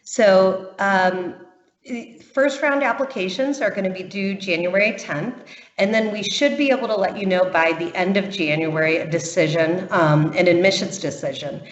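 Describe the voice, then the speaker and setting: A woman walks parents through an application process in a webinar, patient and reassuring, with many small ums between points. Her voice sits a little low, and the sound is muffled and roomy. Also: moderate pace. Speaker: camp admissions presenter. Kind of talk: explanatory webinar presentation.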